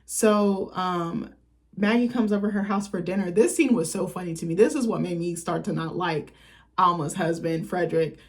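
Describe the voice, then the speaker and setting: A woman's voice: on the low side, moderate pace. A young woman recapping a film in a casual, chatty way, swearing freely and acting out lines from scenes. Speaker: film critic vlogger.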